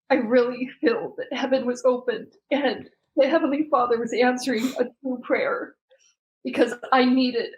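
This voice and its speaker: A woman's voice: on the high side, rough recording. Earnest woman telling her story. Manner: earnest, many fillers and restarts, acts out quotes. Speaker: podcast guest. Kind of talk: emotional personal storytelling.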